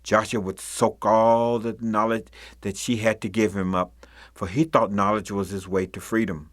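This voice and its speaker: Male storyteller, low pitched, dramatic ghost-tale delivery with sudden loud cries and hushed endings. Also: level tone, moderate pace, dry recording, studio quality. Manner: dramatic, swelling loud and high for mob cries, dropping to near-whispers.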